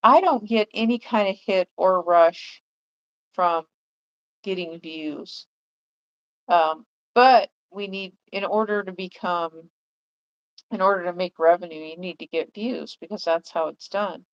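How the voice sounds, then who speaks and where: A woman's voice: on the low side, measured pace, clean tone, dull audio. A woman chatting on a livestream in a rambling way, full of fillers and restarts. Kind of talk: casual livestream chat.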